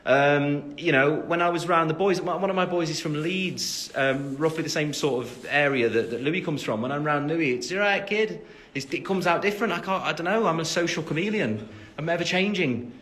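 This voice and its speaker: A young man from the English Midlands, in his twenties, answers fan questions on a casual phone livestream at home after the gym, using lots of fillers and self-deprecating asides. He has a fairly high, fairly bright voice, talking at normal speed with few pauses, captured by the phone camera.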